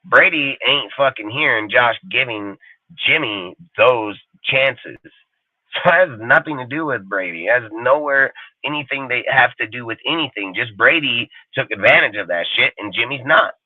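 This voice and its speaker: A man's voice: medium pitch, animated, moderate pace, no echo. A man hosting a sports talk show, ranting heatedly with constant swearing and emphatic repetition. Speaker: sports podcast host. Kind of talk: heated casual rant. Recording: dry, phone-like line.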